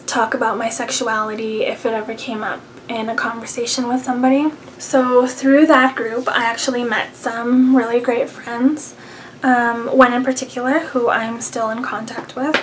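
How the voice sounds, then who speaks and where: Earnest young woman, flat higher voice. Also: a little hiss or hum, poor audio. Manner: earnest, soft-spoken, frequent ums and likes. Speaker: vlogger. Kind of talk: personal storytelling to camera.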